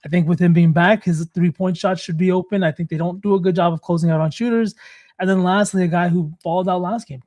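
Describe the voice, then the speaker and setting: A man's voice: high voice, a little mellow. A man co-hosting a sports betting show, breaking down player props in casual analytical chat.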